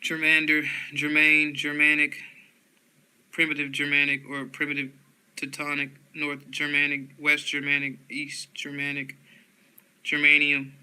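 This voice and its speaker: Man, monotone list reading, very slow, bright crisp voice. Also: on the high side, low-quality recording. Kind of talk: reading dictionary entries aloud.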